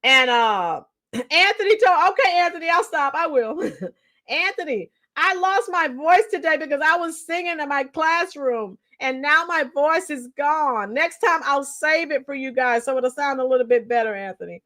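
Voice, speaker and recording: A woman teacher hosting a casual livestream and greeting viewers by name. Her voice is hoarse because she lost it singing, and she chats in a rambling way and sometimes sings along to rock songs. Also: high-pitched, lively intonation, normal speed, bright, forceful tone.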